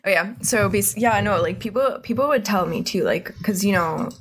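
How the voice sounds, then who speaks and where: A woman's voice: medium pitch, normal speed, husky. A young woman in casual chat, retelling a cartoon episode with lots of "like" and acting out the characters' lines. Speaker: podcast co-host.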